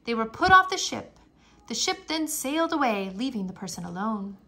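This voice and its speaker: A woman reading a children's nonfiction book aloud in an expressive storybook manner, with playful exclamations. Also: a little high, normal speed. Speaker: reader.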